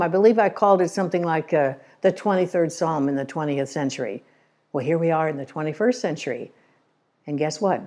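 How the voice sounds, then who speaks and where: An older woman giving a conversational church talk, telling stories with wry asides and sometimes repeating words as she gets excited. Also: lowish voice. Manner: folksy storytelling with wry asides. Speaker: church speaker.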